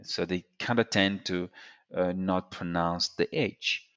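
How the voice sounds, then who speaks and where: A man with a French accent, a native French speaker, explaining pronunciation in a language lesson, slow and deliberate. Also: deep voice, steady tone, fairly bright tone, smooth, dull audio. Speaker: French tutor.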